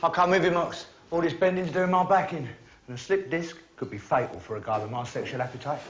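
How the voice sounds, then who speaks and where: A man's voice: on the high side, a little fast, slight background noise, close to an everyday voice. An actor playing a blunt, wry building foreman. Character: dry-humoured male building foreman. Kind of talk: TV drama acting. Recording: dull TV soundtrack.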